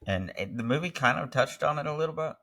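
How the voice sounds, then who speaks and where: A man's voice: fairly high pitch, lively intonation, quick pace, pushed and bright. A man co-hosting a casual movie review chat, joking and teasing as he goes. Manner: jokey, mocking mock-British impressions. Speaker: podcast co-host.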